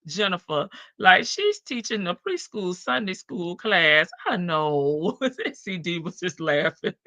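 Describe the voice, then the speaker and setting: Fairly low in pitch yet pushed and bright, this woman's voice is animated and slow, recorded with no echo and lo-fi sound. On her live stream she comments sassily and casually on jail calls, responding to chat, talking back to it, and laughing a lot.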